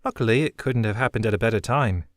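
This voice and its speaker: A man's voice: on the low side, quick pace, no room sound, studio quality, natural voice. A man voicing a shrewd, wry young woman smuggler who talks in a chipper, blunt way.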